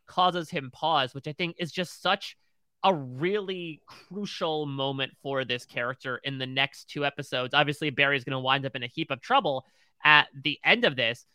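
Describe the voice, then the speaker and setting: Guy on a tv recap podcast, bright smooth voice, walks through scenes step by step, dry close mic. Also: medium pitch, moderate pace, no echo. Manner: detailed, animated scene retelling. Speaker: podcast co-host.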